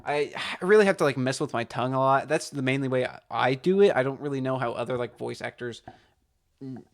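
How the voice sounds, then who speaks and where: A young man chatting in a casual vlog monologue. He rambles, hesitates, and leans on fillers as he thinks out loud. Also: mid-range voice, fast talker, vocal fry. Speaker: amateur impressionist.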